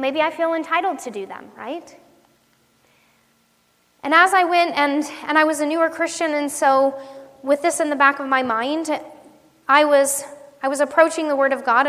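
The recording catches a long hall reverb around a ministry teacher whose voice is high and slightly bright. She preaches sincerely on devotional themes, keeping it conversational and asking her listeners questions.

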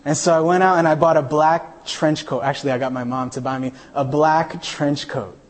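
New guy preaching, telling his own story, does little voices for people, kinda high voice. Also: moderate pace. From New York, United States. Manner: storytelling, animated, acts out quoted voices. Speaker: pastor. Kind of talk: sermon with personal story.

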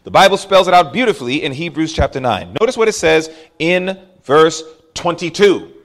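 A man's voice: a little high, sing-song, normal speed. A man preaching to a congregation, telling a story from his childhood and calling out to the crowd. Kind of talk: sermon.

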